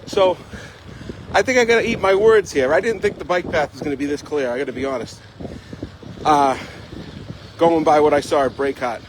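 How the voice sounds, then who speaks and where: A vlog host live-streams a casual chat while riding a bike path outdoors, rambling, a bit out of breath, and filling gaps with "you know." His fairly high voice moves at normal speed, and heavy wind buffets the phone mic.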